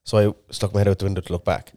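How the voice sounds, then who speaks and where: A man's voice: low-pitched, level tone, very fast, warm tone, no room sound. A man, co-hosting a podcast and telling a long sweary story in casual chat. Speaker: podcast co-host.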